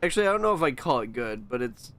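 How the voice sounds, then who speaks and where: A man's voice: medium pitch, sing-song, very fast, fairly bright tone. A young man in casual chat on a gaming stream. He is easygoing and often trails off mid-sentence.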